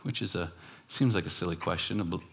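A man's voice: low-pitched, fast, vocal fry. A man preaching a sermon in a conversational, storytelling way, acting out quoted voices and adding self-correcting asides. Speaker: pastor.

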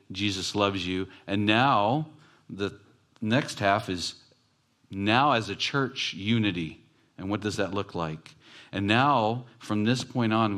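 A man's voice: lowish voice, fairly bright tone. A male pastor preaching a sermon in a conversational, self-deprecating storytelling way.

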